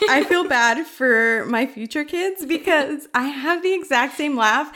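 A young woman in casual podcast chat, her voice sitting a little high. She tells stories easily and breaks into a loud, frequent laugh. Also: a little slow. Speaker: podcast co-host.

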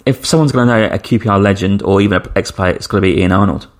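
A man's voice: lowish voice, rapid-fire. A man hosting a travel podcast, telling a story in a chatty way and acting out the people he quotes. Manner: chatty, acts out quoted dialogue with shifting voices. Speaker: podcast host. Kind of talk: casual storytelling.

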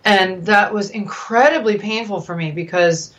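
A woman, a regular guest on a talk show, chatting candidly and telling lively stories. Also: moderate pace. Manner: animated storyteller, swoops high when excited. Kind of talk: candid casual chat.

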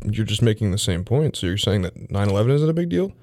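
A man's voice: fairly low pitch, big pitch swings, fast, a little mellow. A young man in casual podcast banter, teasing and picking apart a friend's argument. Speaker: podcast co-host.

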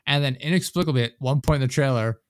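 A man's voice: medium pitch, quick pace, clean tone, no echo, studio quality. A man chatting casually, rambling and swearing, often laughing at his own stories. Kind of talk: casual chat.

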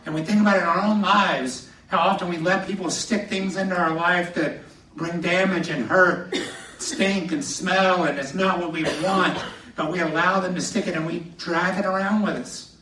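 A man preaching a sermon as a pastor, telling personal stories in an animated way and laughing through them, from a podium in a church sanctuary. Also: sits high, moderate pace, slight background noise. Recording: echoey hall, somewhat distant.

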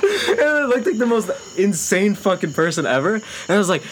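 His high-pitched voice swings widely in pitch, and he talks fast with hardly any pauses. The young man is casually telling a long story packed with swearing, laughing often and acting out quotes. There's faint background noise.

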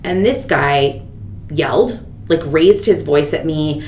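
A woman in her thirties hosting a podcast, telling a story in casual chat and acting out the people she quotes. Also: slow pace. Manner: animated, quotes people with big pitch jumps. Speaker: podcast host. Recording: echoey room with faint rumble.

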